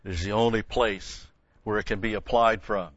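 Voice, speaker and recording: A man's voice: on the low side, steady tone, moderate pace, fairly bright tone, no echo. An older man teaching a Bible lesson in a sermon, stressing key words and repeating phrases for emphasis. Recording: dull lo-fi sound.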